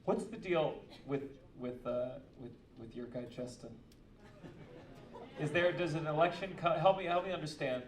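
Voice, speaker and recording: A man's voice: on the high side, normal speed, recorded from a distance. A male stand-up comedian doing crowd work, teasing and profane, laughing as he talks. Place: comedy club stage. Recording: echoey club, audience laughter.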